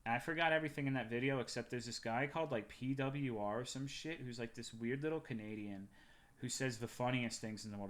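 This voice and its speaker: A man's voice: mid-range voice, a little fast, a bit bright. A young man from Texas, a livestreamer chatting casually with his viewers in a loose, profane and joking way.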